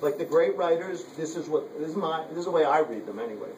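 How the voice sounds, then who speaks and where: At a writers' retreat, a man teaches a workshop in loose, rambling casual talk, full of "you know" and "like." His voice is on the high side, expressive, fast and darkish. A handheld camera across the room captures roomy, distant, dull audio with slight background noise.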